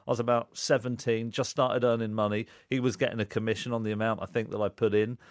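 Male podcast host: brisk, animated delivery, close and dry studio sound. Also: lowish voice, no echo. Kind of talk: casual podcast chat.

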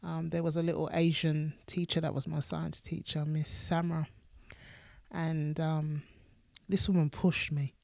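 A woman with a low voice co-hosting a faith podcast. She talks earnestly and with emphasis, repeating words as she builds toward a point. The sound is dry and close. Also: flat delivery, a little slow, gravelly, darkish tone, no room sound. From United Kingdom. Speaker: podcast co-host, pastor. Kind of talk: casual faith chat.

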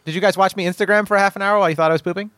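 A young man chatting excitedly on a podcast, rambling with lots of "dude" and "like.". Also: high-pitched, very fast, no room sound, clean studio sound. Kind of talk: casual podcast chat.

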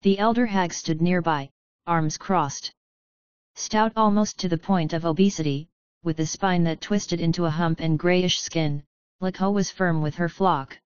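A woman narrating a fantasy audiobook in clear, even storytelling. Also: on the low side, unhurried, no room sound. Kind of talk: scripted narration. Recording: slightly dull, dry studio sound.

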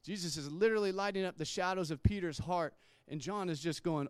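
Smooth-voiced male preacher, slightly high. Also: brisk, dry recording. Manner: conversational preaching with repeated words and acted quotes. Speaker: pastor. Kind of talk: sermon.

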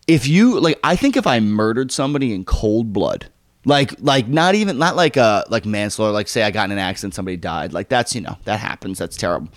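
Young man, podcast co-host, lively swings of pitch, swears freely while acting out the people he quotes, dry close sound. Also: fast, no room sound. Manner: animated, acts out quoted voices, swears freely. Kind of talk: casual storytelling chat.

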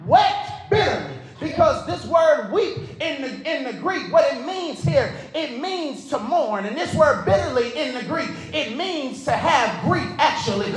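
Pastor, man, very high-pitched, shouts his sermon in rising call-and-response waves; echoey church, music behind. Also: animated, a little slow, few pauses, crowd noise. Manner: shouting, building into whooped preaching. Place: church sanctuary.

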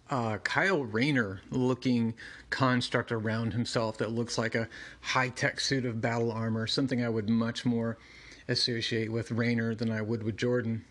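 A man's voice: medium pitch, fairly bright tone. A man casually narrating and commenting on a comic book, conversational with fillers and side remarks. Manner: conversational, many fillers and asides. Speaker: comic book reviewer and reader.

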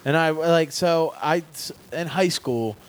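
A comedian hosting a casual podcast chat at home, a little drunk, rambling and trailing off. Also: male voice, fairly high pitch, unhurried, a little hiss or hum.

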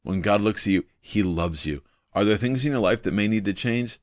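A man's voice: lowish voice, moderate pace, dry recording, clean studio sound. A man hosting a devotional video, teaching from the Bible in an earnest, thinking-aloud way, full of ums and repeating his main points.

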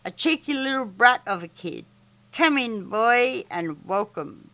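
A woman's voice: a little high, animated, measured pace, pushed and bright, full character voice. A woman reading aloud as a mean, skinny old male inventor who gloats and sneers, in a storybook reading. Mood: gloating.

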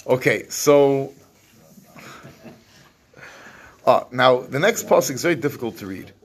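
A man's voice: medium pitch, lively intonation, slow pace, husky. A man teaching an evening Torah class, reading verses, translating them and acting out what the people said, in Yeshivish English. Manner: Yeshivish English with Hebrew phrases.

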